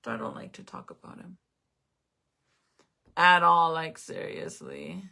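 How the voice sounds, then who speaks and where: Young woman rambling on a home livestream, gravelly but bright voice, swears casually. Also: lowish voice, huge pitch swings, measured pace. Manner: chatty and rambling, swears casually, reads out viewer comments. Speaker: live streamer. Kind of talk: casual live-stream chat. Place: at home, indoors.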